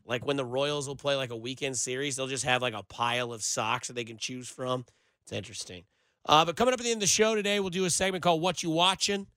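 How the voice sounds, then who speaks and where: A man's voice: medium pitch, fast talker, a bit bright, dry recording. A man hosting a casual sports talk radio show from a studio, rambling loosely with lots of filler words. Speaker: radio show producer and host. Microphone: studio microphone.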